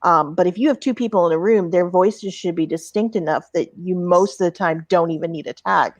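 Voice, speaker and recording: A woman's voice: on the low side, a little fast, no room sound. A woman from Texas speaking as an author on a live panel, explaining with confidence.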